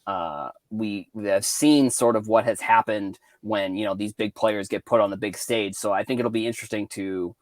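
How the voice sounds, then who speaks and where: A man's voice: lowish voice, steady tone, moderate pace, few pauses, no room sound. A man from Cape Cod with a light Boston accent, chatting casually about sports and collecting as a podcast co-host, rambling with many restarts. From Cape Cod, Massachusetts. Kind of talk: casual sports and hobby chat.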